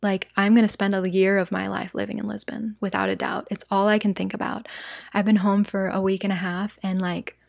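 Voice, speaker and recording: A woman's voice: medium pitch, level tone, fairly quick, vocal fry, no room sound, clean studio sound. A young American woman telling a travel story in a casual, emotional vlog, talking straight to her viewers. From United States. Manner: chatty, emotional, says "like" and "you guys" a lot. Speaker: travel vlogger.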